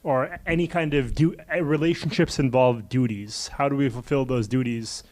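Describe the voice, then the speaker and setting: A man in the audience asking a question slowly and tentatively. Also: mid-range voice, steady tone, darkish tone.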